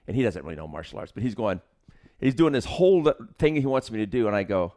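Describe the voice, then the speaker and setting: A man's voice: on the low side, quick pace, vocal fry, a little mellow. A man co-hosting a martial arts podcast, telling film-set anecdotes in casual chat and acting out the quotes with laughter.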